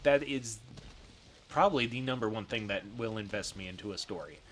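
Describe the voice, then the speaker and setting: A man co-hosting a geek news podcast in casual chat, who laughs a lot and reacts loudly with swearing. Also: on the low side, brisk, slight background noise. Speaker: podcast co-host.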